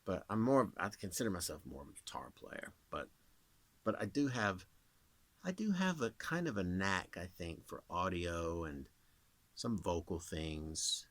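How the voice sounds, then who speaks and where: A man in his thirties rambles casually to camera, explaining voice tricks as a working voice actor. His pitch swings widely as he talks. The recording is close and dry. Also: very animated, a little slow, a bit bright, no echo.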